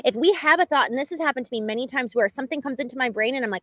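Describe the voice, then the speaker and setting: A woman hosting a livestream, talking unscripted in an earnest, animated way, with lots of "like" and quick restarts. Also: sits high, no echo, poor audio. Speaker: livestream host. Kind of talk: unscripted reflective monologue.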